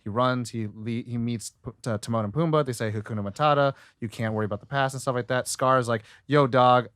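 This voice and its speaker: A man co-hosting a podcast, casually recapping a film in a rambling, slangy way with quick character impressions. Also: medium pitch, steady tone, a bit bright, no echo, studio quality. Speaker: podcast co-host.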